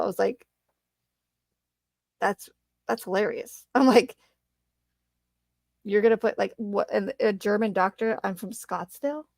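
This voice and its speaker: Animated woman host, creaky voice. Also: mid-range voice, dry recording. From Arizona. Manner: animated storytelling with frequent laughs and fillers. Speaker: channel host. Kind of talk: casual livestream chat.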